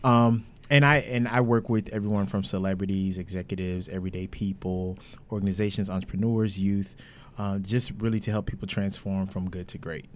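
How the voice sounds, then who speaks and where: Very deep-voiced man guest. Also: fairly even intonation, fairly quick, a little hiss or hum. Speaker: guest life coach. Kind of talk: casual podcast chat.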